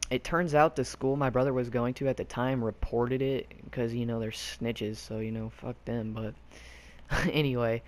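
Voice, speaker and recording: A man's voice: mid-range voice, fairly even intonation, normal speed. Rambling young man telling a story. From Arkansas. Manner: rambling, full of fillers, loose slang. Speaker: YouTube storyteller. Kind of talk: casual storytelling.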